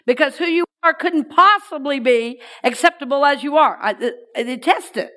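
A woman minister giving a sermon to her congregation, lively and playful, inviting listeners to repeat her lines. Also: high-pitched, normal speed, few pauses.

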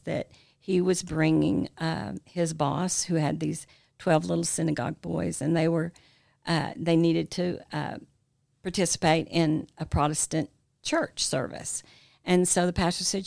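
A woman's voice: deep voice, creaky, no room sound, studio quality. An older woman, mother of the hosts, telling a long family story in a rambling way with many fillers. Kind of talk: storytelling in casual family chat.

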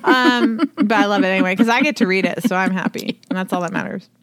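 A woman co-hosting a podcast in casual chat, blunt and animated, swearing freely as she tells stories. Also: mid-range voice, fast, dry recording. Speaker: podcast co-host.

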